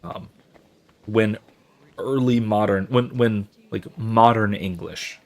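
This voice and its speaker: On the low side, a male gaming channel host explains things casually and professorially while playing. He rambles, restarts often, leans on fillers, and reacts to what viewers write in chat.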